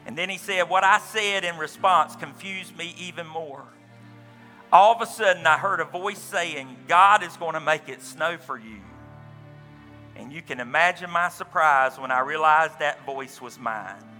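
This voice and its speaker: A man's voice: fairly high pitch, moderate pace, sharp tone, in a large hall, soft background music. A man preaching a sermon as pastor, telling a story with quoted dialogue and folksy asides. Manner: storytelling, retelling another man's account with quoted dialogue.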